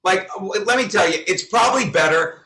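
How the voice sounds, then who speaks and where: A man hosting a livestream, ranting angrily and swearing in loud, furious outbursts from a room at home. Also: sits high, animated, brisk. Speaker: livestream host. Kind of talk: angry livestream rant. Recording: roomy, from a distance.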